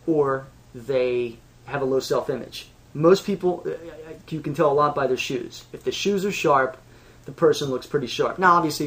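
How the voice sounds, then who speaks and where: A man from Pittsburgh with a Pittsburgh accent, teaching awareness skills in a casual, self-assured, conversational way with frequent restarts. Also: mid-range voice. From Pittsburgh, United States. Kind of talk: casual spoken lesson.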